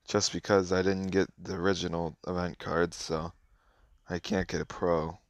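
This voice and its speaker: A man's voice: sits low, little pitch movement, normal speed, vocal fry, no echo. A man giving offhand, casual running commentary while playing a mobile game, muttering his thoughts as he goes.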